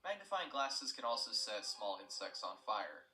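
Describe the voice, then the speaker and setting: A man's voice: fairly low pitch, sing-song, moderate pace, bright, forceful tone, echoey room, far from the mic, heavily acted. A man voicing a cheerful, murderous male children's-show puppet in a sing-song cheery way.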